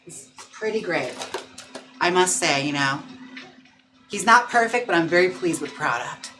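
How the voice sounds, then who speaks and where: This livestream host talks from home in a relaxed, playful way, frequently laughing and switching to a higher voice to coo and coax his dog. He sounds animated and sharp-toned at normal speed, with soft music in the background.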